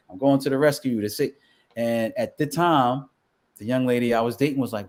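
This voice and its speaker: Chatty man telling lively stories. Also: medium pitch, fairly quick. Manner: animated storyteller, acts out quotes. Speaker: real estate broker. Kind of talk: casual conversation on a live show.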